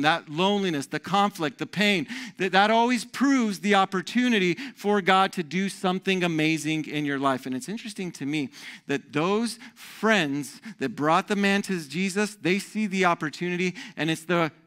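Male pastor, lively conversational sermon, somewhat high, bright forceful tone. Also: smooth. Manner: animated, conversational preaching with stammered repeats.

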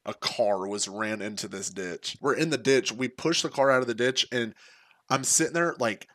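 Young male streamer, mid-pitched, laid-back slangy storyteller, dry close sound. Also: fairly bright tone, dry recording. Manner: laid-back, profane, slangy, filler-heavy. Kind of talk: casual storytelling.

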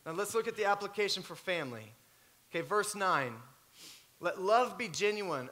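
A man, preaching a sermon and telling a story with lively swings between loud and hushed. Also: high-pitched, moderate pace. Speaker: pastor.

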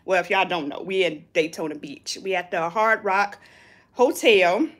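A woman's voice: fairly low pitch, moderate pace, a bit bright. A woman chatting casually on a live stream from a hotel balcony, greeting viewers and reading their comments. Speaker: vlogger hosting a live stream.

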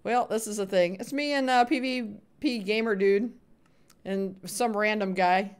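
A woman's voice: mid-range voice, measured pace, clear, resonant tone. A woman livestreaming a video game, chatting with viewers, laughing often and calling them sweetheart and buddy. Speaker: gaming livestreamer. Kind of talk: live game commentary and chat.

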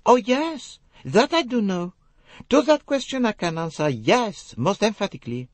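A man voicing an excitable, emphatic young female lady's maid in an audiobook. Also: high-pitched, normal speed, no room sound, pitched above the performer's own voice. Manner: emphatic, insistent. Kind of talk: audiobook character voice.

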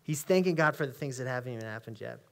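A male pastor with an American accent, preaching a conversational sermon in a church and reading scripture slowly with emphasis. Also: medium pitch, expressive, creaky, a bit bright. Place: church sanctuary.

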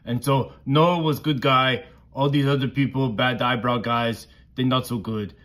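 A man's voice: mid-range voice, fairly even intonation, measured pace, a bit bright, lightly acted. A man voicing a friendly male monster puppet who tells a Bible story to a child in broken, simple grammar. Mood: playful.

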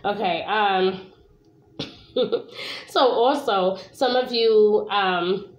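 Woman from Brooklyn, tarot reader, casual chatty reading, mid-pitched voice, swears now and then, keeps checking in with "okay?", roomy echo. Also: extremely slow, long pauses. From Brooklyn, New York. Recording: echoey room.

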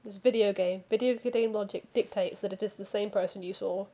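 A woman reading a visual novel aloud as a let's play streamer, voicing the lines and breaking off into animated asides. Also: mid-range voice, brisk. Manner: animated, reacts with outbursts and asides. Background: background music.

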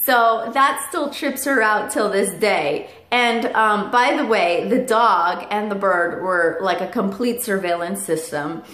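A woman's voice: mid-range voice, slow pace, hardly any pauses, a bit bright, reverberant. A woman vlogger telling a casual story to camera at home, chatty, with fillers and asides to her parrot.

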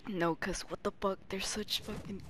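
A young woman gaming with a teammate, swearing often and swinging between tense whispers and panicked yelling. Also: mid-range voice, steady tone, normal speed, background noise. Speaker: gamer. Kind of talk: live gameplay chat with a teammate.

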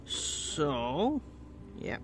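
A man's voice: on the high side, wildly swooping pitch, drawn-out words. A man with the hiccups doing chatty, easily delighted commentary while opening trading card packs and thinking aloud. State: has the hiccups. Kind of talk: casual unboxing commentary.

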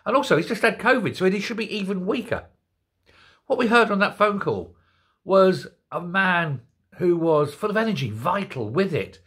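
An older man hosting an opinion commentary show, ranting in an animated, incredulous way. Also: high voice, normal speed, husky. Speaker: host.

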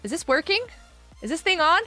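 A woman's voice: very high-pitched, big pitch swings, brisk, sharp tone. A woman game streamer chatting casually on a live stream and greeting viewers by name. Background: faint background music.

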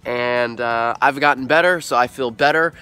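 A man's voice: medium pitch, moderate pace, pushed and bright, clean tone, soft background music. A young man vlogging casually and goofily while recovering from being sick, joking at his own expense. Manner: goofy, playful, self-mocking. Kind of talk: casual vlog.

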